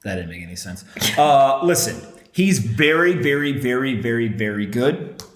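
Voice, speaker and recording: Male podcast co-host, playful banter, mid-pitched, echoey room. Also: lively intonation, normal speed, soft background music. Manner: playful, mock-lecturing. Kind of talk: casual banter. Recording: roomy echo.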